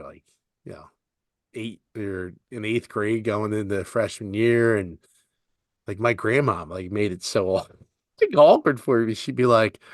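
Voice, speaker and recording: A man's voice: no room sound, studio quality. A young man co-hosting a podcast in casual chat, telling stories animatedly and acting out voices. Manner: animated storyteller, acts out voices with big pitch jumps. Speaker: podcast co-host.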